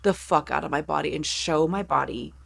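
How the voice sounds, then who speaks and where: A woman's voice: deep voice, fairly quick, creaky, a bit bright. A woman in her thirties, co-hosting a podcast in casual chat, candid and profane, with many "like" fillers. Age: 30s. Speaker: podcast co-host.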